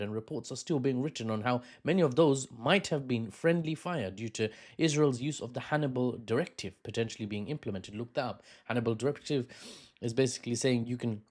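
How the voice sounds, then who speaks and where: A man talks through current events in a loose, unscripted way. He stumbles, restarts phrases and fills pauses with "uh" and "um". His pitch sits in an ordinary middle range for a man. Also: darkish tone. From United Kingdom. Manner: rambling, with fillers and self-corrections. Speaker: political commentator. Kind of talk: casual spoken commentary.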